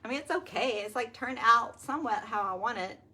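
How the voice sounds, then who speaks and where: A woman's voice: on the high side, animated, fairly quick, bright, forceful tone, husky. A woman hosting a casual live craft stream, chatting to viewers and laughing often. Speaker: craft livestream host.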